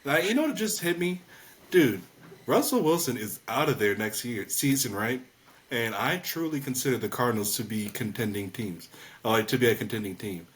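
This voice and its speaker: A man's voice: mid-range voice, expressive, fairly quick. A man co-hosting a casual fantasy football podcast, rambling and hesitant, laughing easily. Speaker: podcast co-host.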